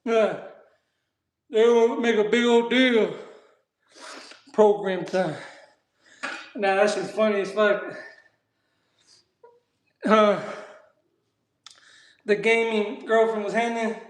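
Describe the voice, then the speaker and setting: A man's voice: high voice, slow, long pauses. A man chatting casually in street slang while he works out on a live stream and answers his chat. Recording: echoey room.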